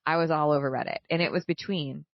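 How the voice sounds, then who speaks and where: A woman's voice: sits low, fairly even intonation, fast talker, creaky, no room sound, dull audio. A woman in her thirties co-hosting a podcast, chatty and playful in casual talk. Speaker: podcast co-host. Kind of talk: casual chat.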